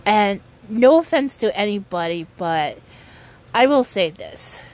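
A woman giving casual commentary on online news in an earnest, halting way, often restarting her sentences. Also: mid-range voice, animated. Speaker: commentary vlogger.

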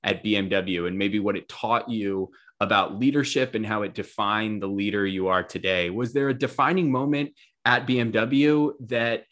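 A man hosting an interview, asking measured, thorough questions. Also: fairly low pitch, a bit bright. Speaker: interview host.

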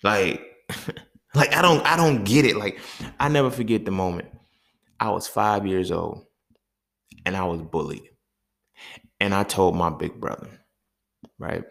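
A man hosting a podcast, telling stories in a casual monologue with profane, streetwise, animated talk. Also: low-pitched, a little slow, gravelly, pauses often. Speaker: podcast host.

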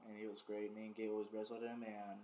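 A young man with a fairly low voice, rambling quickly and hesitantly in casual chat. The room echoes, with a faint hiss behind. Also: monotone, lo-fi sound. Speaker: podcast guest.

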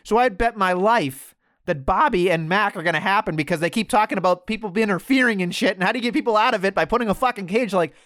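A man co-hosting a casual podcast, talking animatedly, swearing, and slipping into quick mimicry. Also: high-pitched, dry recording, clean studio sound. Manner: animated, profane, mimics others in quoted bits. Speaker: podcast co-host. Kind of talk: casual wrestling podcast chat.

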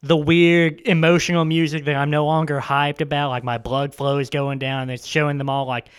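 A man's voice: fairly high pitch, level tone, moderate pace, clear, resonant tone. Young man with dry quips. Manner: short dry interjections. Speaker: podcast co-host. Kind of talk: casual movie review chat.

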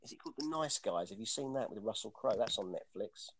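A man's voice: fairly low pitch, animated, fast, fairly bright tone, slightly rough. A man chatting casually about films, rambling with lots of restarts and fillers.

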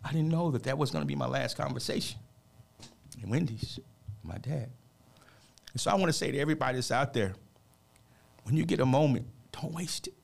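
A man speaking as a guest on a radio show, a motivational speaker with a gravelly, fry-edged voice. His pitch sits in an ordinary middle range. He tells a personal story in an earnest, preachy way and keeps tossing in "man" between his points. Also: a little fast, pauses often.

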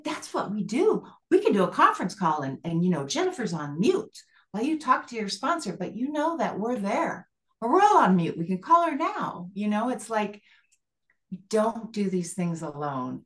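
Low-voiced woman sharing at a recovery meeting. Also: fairly bright tone. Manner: rambling, earnest, many fillers. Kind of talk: sharing at a support group call.

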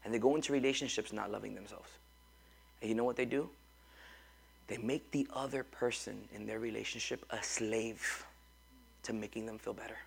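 Gravelly-voiced man preaching a sermon. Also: on the low side, steady tone, normal speed, long pauses. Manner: emphatic, repetitive call-and-response preaching. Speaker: pastor. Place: church before a congregation.

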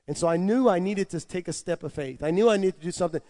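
A man preaching a personal testimony, telling it animatedly with stammered restarts and swinging from hushed asides to loud excited shouts. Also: sits high, quick pace. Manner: animated storytelling with stammered restarts and made-up tongue syllables. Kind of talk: testimony sermon.

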